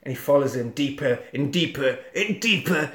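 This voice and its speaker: A man's voice: medium pitch, moderate pace, reverberant. A man casually recapping a monster film on a podcast, acting out lines and sound effects with plenty of swearing. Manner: animated storyteller, acts out quotes and sound effects, swears.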